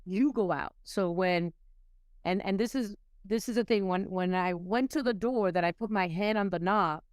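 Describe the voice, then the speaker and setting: On a podcast, a woman from New York City candidly recounts her recovery story with emotion, often starting over and repeating herself. She has a smooth, medium-pitched voice and a moderate pace, captured in a dry recording.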